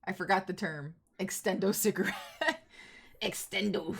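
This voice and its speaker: A woman's voice: medium pitch, unhurried, creaky, husky. A young adult woman streamer chatting casually with her audience in a playful, teasing way. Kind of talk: casual gaming stream chat.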